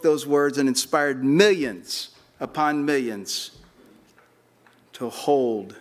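A man preaching a sermon as a pastor, slowing down and pausing for emphasis and building to emphatic peaks. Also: mid-range voice.

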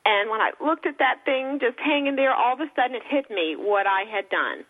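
A woman guest on a call-in radio talk show, her slightly high voice squeezed through a tinny phone line. She tells a personal story with earnest, emotional feeling and speaks warmly of her faith. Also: expressive, brisk. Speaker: author guest.

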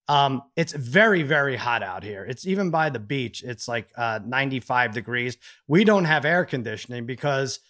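A man's voice: a little high, fairly bright tone. A middle-aged man co-hosting a casual chat, telling a rambling, self-mocking story. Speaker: podcast co-host.

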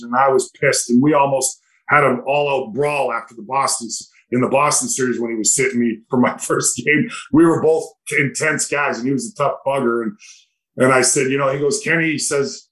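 An older man, a retired hockey player, telling rambling, animated stories in a podcast interview. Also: mid-range voice, poor audio. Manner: animated, rambling anecdotes with quoted dialogue.

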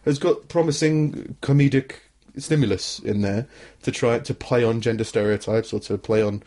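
Young man, podcast co-host, rambling chat, mid-pitched voice, frequent laughs. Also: moderate pace, dark tone. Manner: rambling, self-interrupting, laughs often. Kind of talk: casual comedy podcast chat.

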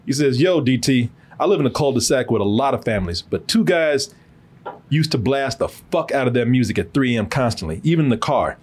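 A man's voice: mid-range voice, animated, a little fast, darkish tone, a little hiss or hum. A man co-hosting a podcast, reading listener letters and joking in profane, laughing banter. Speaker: podcast co-host. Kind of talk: casual comedic chat.

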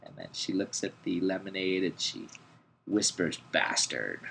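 A man's voice: deep voice, completely flat delivery, normal speed, slight background noise. A man co-hosting a podcast, chatting casually and eagerly retelling a comic book issue, laughing often. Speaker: podcast co-host.

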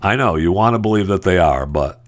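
A man's voice: lively intonation, fairly quick. A man hosting a podcast, talking in a casual, sarcastic commentary style with rambling restarts and mocking asides. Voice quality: deep gravelly voice. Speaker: podcast host.

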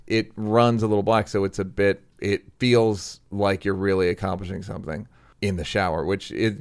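Deadpan male podcast host. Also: lowish voice. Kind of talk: casual interview and host-read ad.

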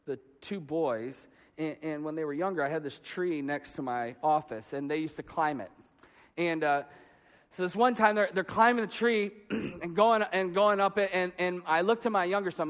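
High-voiced man preaching in a reverberant hall. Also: fairly bright tone. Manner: storytelling, rising to impassioned preaching. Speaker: pastor. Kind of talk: sermon. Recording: reverberant hall with music behind.

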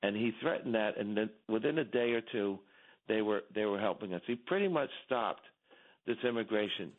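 A man's voice: lively intonation, normal speed. Impassioned man on a tinny phone line. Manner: emphatic, repetitive, rising in pitch when stirred. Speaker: company executive, radio guest. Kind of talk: impassioned call-in commentary. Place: home in Texas.

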